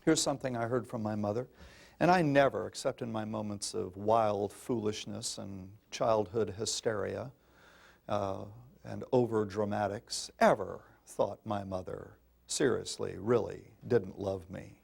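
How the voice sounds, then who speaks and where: A man's voice: fairly low pitch, steady tone, measured pace, gravelly, breathy edge. An older man giving an emphatic public talk on parenting to an audience, calling listeners folks in a folksy, insistent manner. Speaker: parenting speaker.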